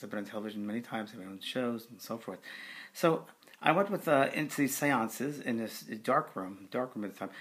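A middle-aged man, a spiritual medium, recounting a memory in a relaxed conversational way with frequent fillers. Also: mid-range voice. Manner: conversational, with fillers, acting out quoted voices. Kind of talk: video testimonial storytelling.

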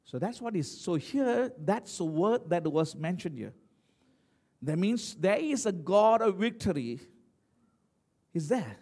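A man's voice: high-pitched, sing-song, slow, long pauses, mellow. A man preaching as pastor, emphatic, often asking the congregation questions. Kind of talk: sermon.

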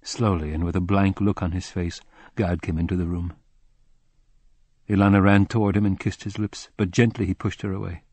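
A man narrating a literary audiobook in a measured, solemn reading. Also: low-pitched, steady tone, a little mellow, no echo.

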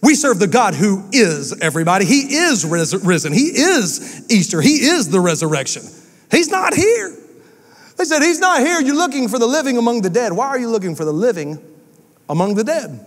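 A man, a pastor delivering an animated, emphatic sermon with quick asides. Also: sits high, big-room sound. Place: church sanctuary.

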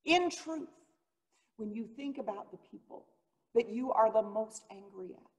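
A woman's voice: on the high side, expressive, a little slow. A woman pastor giving a sermon, telling the story in an earnest, dramatic way. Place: church sanctuary. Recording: long reverb of a church hall.

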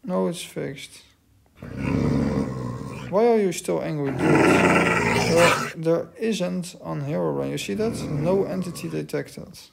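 A man's voice: fairly high pitch, slow, creaky. A man giving casual gameplay commentary, talking to the dogs in the game, puzzled and mocking himself. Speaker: gaming commentator. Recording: loud background noise.

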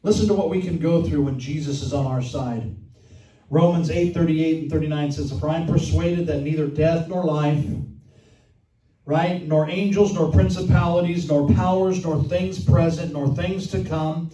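An older man preaching a sermon as pastor, earnestly reading scripture and commentary aloud and slowing down for emphasis. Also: a little high, steady tone, mellow. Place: church sanctuary. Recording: echoey room, mic from far off.

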